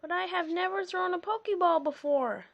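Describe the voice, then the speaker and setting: A young girl trainer gives commands in a high, raised storybook voice, read out by a woman. She sounds keen and a little unsure. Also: moderate pace, gravelly, highs cut off. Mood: calling.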